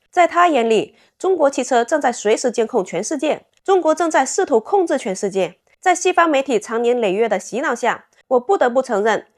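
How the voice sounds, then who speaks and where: A woman narrates a scripted commentary voice-over in a slightly high voice. Her delivery is earnest and opinionated.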